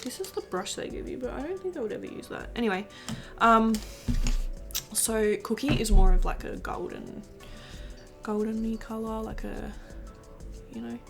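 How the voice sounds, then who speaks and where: A woman's voice: a little high, moderate pace, gravelly, over music. A 19-year-old woman, a beauty vlogger, chatting casually while doing her makeup, gushing and rambling with lots of fillers.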